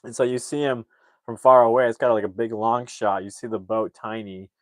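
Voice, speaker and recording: A man's voice: mid-range voice, steady tone, brisk, no echo. A man casually recapping a comedy film's plot, rambling with lots of "like" and restarts. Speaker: movie reviewer.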